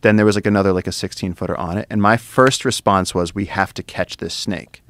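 A man, a podcast guest, excitedly telling an adventure story with lots of fillers, restarts and swearing. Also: deep voice, fairly quick, no room sound. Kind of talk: animated storytelling. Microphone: studio podcast mic.

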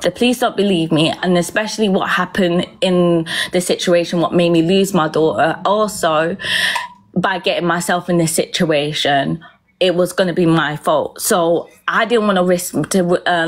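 A young woman telling a personal story in a rambling, casual way, swearing often and filling gaps with "um" and "like". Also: fairly low pitch. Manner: rambling, heavy swearing, frequent fillers. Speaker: vlogger.

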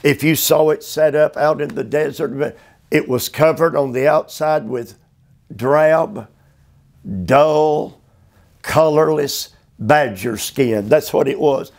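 A male preacher giving a slow expository sermon, drawing out phrases emphatically and often repeating words. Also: on the high side, creaky, darkish tone. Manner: drawn-out, emphatic phrasing with repetitions. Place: motel room.

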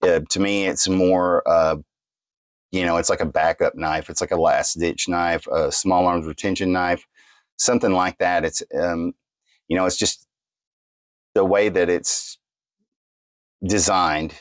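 A man with a very low voice talks through a knife review in an easy, rambling way, full of "uh"s and restarts. He is recorded close and dry, with no room sound around him. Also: steady tone, a little slow, pauses often, dry recording. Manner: rambling, many fillers and restarts. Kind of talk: casual product review.

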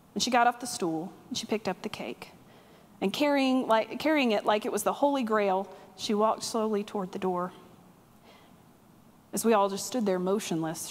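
Woman pastor, expressive sermon storytelling, fairly high voice, long reverb. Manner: vivid, expressive storytelling with quoted dialogue. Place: church sanctuary. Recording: long-reverb church sanctuary.

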